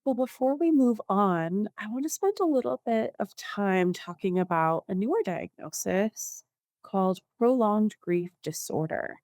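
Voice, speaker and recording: A woman therapist co-hosting a podcast, explaining clinical ideas in a calm, measured way. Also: mid-range voice, no room sound, studio quality. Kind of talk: podcast discussion.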